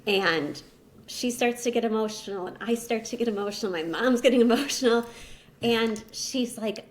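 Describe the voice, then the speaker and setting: A woman's voice: a little high, moderate pace. A woman in her thirties, a podcast guest and language teacher, tells a personal story in a casual, chatty way, peppering her speech with "like" and "you know.".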